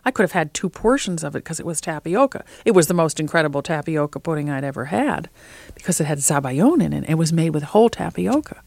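A woman's voice: deep voice, fast, creaky, dry recording. Opinionated woman food writer, dry studio. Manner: opinionated, lively storytelling. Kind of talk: radio interview, conversational.

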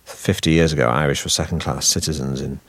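A man with a Manchester accent talks through an interview as a guest actor. His voice sits very low, and he keeps a wry, self-deprecating tone while winding through thoughts with restarts. The sound is dry and close. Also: steady tone, fast talker, gravelly, no room sound. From Manchester, northern England. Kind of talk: relaxed interview chat.

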